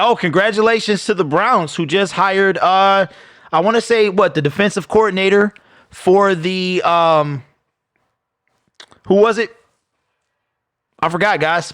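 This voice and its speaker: A man's voice: high-pitched, fairly bright tone, no echo, studio quality. A man hosting a live football watch party stream, chatting casually and joking with viewers. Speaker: sports watch party host.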